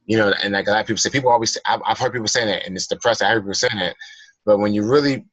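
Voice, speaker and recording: Bright-voiced man coaching earnestly. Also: fairly low pitch, racing, no room sound, lo-fi sound. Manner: earnest, coaching, repeats and rephrases. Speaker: guest speaker in a class. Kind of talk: motivational talk.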